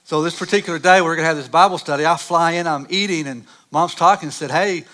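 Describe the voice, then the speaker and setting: Bright-voiced pastor preaching. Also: male voice, fairly high pitch, quick pace. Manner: animated storytelling, rising loud on dramatic moments. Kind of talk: sermon with personal stories.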